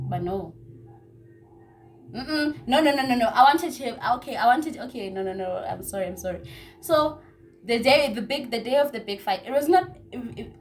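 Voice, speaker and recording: A young woman telling a casual story-time tale, chatty and repetitive, with hushed asides. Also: fairly high pitch. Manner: chatty, repeats words, drops into hushed asides. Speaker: vlogger.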